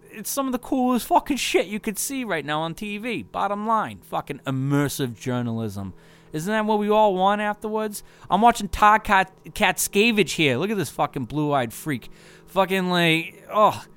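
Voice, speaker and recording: A touring musician rambling through a casual tour recap, loose and profane with constant fillers. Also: male voice, a little high, a bit bright, smooth.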